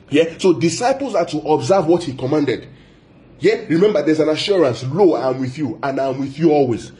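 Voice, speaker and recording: A man preaching a Bible sermon, repeating phrases for emphasis, asking the listeners questions and stretching key words out slowly. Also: on the high side, warm tone.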